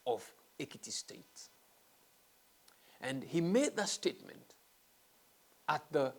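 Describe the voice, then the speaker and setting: A man hosting a talk show delivers an earnest monologue in a slightly high voice. He keeps returning to his key phrases and sinks to a whisper when he wants to stress something.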